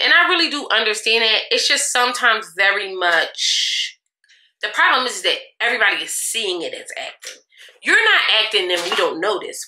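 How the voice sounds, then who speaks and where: A woman's voice: medium pitch, sharp tone, a little hiss or hum. A young woman, chatting sassily to her viewers while getting ready, laughing often. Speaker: beauty vlogger. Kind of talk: casual get-ready-with-me chat. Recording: echoey room.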